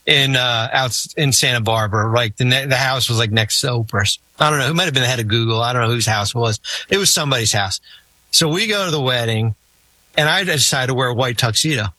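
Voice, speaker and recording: Bright-voiced man telling rambling stories. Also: mid-range voice, quick pace, dry recording. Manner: rambling, animated, many fillers and restarts. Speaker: former team executive telling stories. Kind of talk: casual podcast storytelling.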